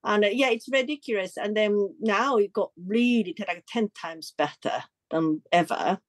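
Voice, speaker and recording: A woman's voice: normal speed, no room sound. A woman artist in a casual interview, searching for her words with many restarts and voice jumps when she tells stories. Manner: lively pitch jumps when telling stories. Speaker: artist guest.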